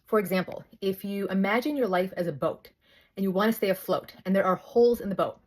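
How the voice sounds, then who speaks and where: Speaking quickly in a medium pitch, a woman in her thirties hosts a casual talk to camera on a close-held phone. She sounds a bit out of breath, telling an animated story while breaking off and restarting her sentences.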